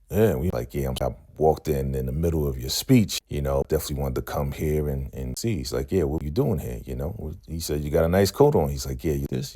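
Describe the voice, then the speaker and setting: Gravelly deep-voiced man recapping casually. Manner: relaxed storytelling, acts out characters' lines, frequent "right?". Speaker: recap show host.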